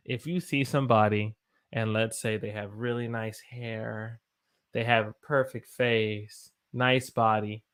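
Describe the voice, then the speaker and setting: Brief: American male English teacher, mid-pitched voice, casual live-stream talk that answers viewers between examples. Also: a bit bright. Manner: stops to self-correct and search for examples.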